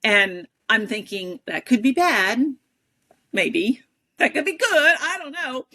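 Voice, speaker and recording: A woman on an interview show telling a personal story in a lively, self-deprecating way, often acting out the people she quotes. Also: sits high, takes it slowly. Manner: animated, self-deprecating, acts out quoted dialogue. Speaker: interview guest, advocate and educator.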